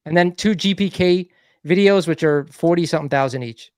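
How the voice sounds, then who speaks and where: A man hosting a live online call-in show, mediating calmly between guests with frequent restarts. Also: fairly high pitch, dry recording, studio quality. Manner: mediating, calm, halting restarts. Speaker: host.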